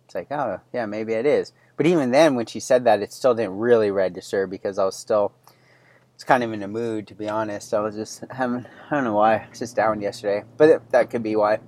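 A man's voice: fairly low pitch, fast, darkish tone, no room sound. A man in his thirties hosting a solo podcast, telling a personal story in a loose, candid way with many fillers and restarts. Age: 30s. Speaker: podcast host. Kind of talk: casual solo podcast monologue.

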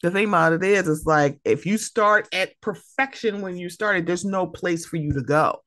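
Lady doing her solo podcast, kinda low voice, chatty and heartfelt, dead dry mic. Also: normal speed, dry recording. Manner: animated, laughing, emotional, mimics friends' voices. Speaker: podcast host. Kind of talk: casual solo podcast talk.

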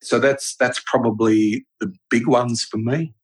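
A man's voice: mid-range voice, steady tone, a little slow, breathy edge, low-quality recording. A middle-aged man, a business owner, answering podcast interview questions in an earnest, rambling way with many restarts. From Australia.

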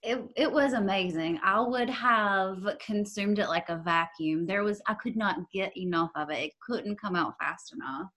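A woman podcast host gushes eagerly in casual talk. Her voice is bright and forward, at a middling pitch. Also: normal speed, hardly any pauses. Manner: effusive, eager.

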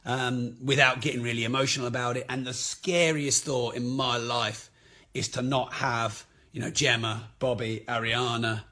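A man's voice: medium pitch, level tone, normal speed, bright, forceful tone. Guy talking straight, swears a lot, punchy voice. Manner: frank, swears freely. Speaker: property business speaker. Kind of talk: candid motivational talk.

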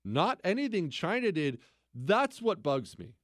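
A man's voice: high voice, big pitch swings, measured pace, dry recording, clean studio sound. A man hosting a talk radio show, delivering a sarcastic political commentary monologue with mocking repetition and incredulous outbursts.

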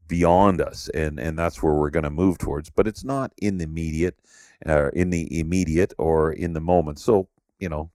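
A man's voice: a bass voice, darkish tone, dry recording, studio quality. A middle-aged man from Canada, hosting a podcast and telling stories in a rambling way with lots of fillers. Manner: storytelling, rambling with many "you know" fillers. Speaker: podcast host. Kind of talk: casual conversation.

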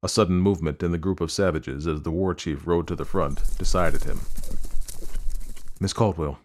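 A man narrating a story aloud, reading in a measured, descriptive way. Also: sits low, fairly even intonation, slight background noise.

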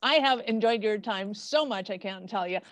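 A woman hosting an interview in casual chat, enthusiastic with quick interjections. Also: mid-range voice, fairly bright tone, no room sound. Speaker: podcast host.

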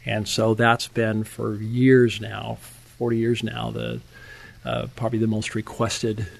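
An older man telling his testimony as an interview guest, in an animated, conversational way, often chuckling and restarting words. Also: lowish voice, measured pace, creaky. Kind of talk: conversational storytelling.

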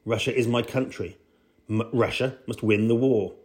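A man's voice: medium pitch, fairly even intonation, normal speed, darkish tone, close to an everyday voice. A man reading the words of an impassioned, homesick Russian emigre man in his own plain voice.

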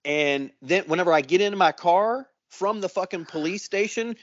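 A man's voice: high voice, moderate pace, no room sound, dull audio. Foul-mouthed man telling a story. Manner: profane, animated storytelling. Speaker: podcast co-host. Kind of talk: casual storytelling chat.

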